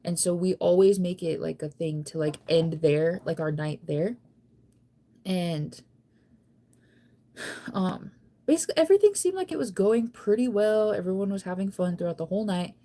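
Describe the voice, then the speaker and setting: Young adult woman, slightly low voice, rambly storytime vlogger, filler-heavy. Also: animated, moderate pace, warm tone. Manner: chatty, rambling, heavy use of "like". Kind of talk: casual storytime chat.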